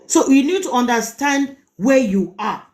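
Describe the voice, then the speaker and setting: A woman's voice: sits high, animated, unhurried, darkish tone. Woman, Nigerian accent, middle-aged, live-stream advice host, emphatic, repeats words, rhetorical questions. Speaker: host giving relationship advice.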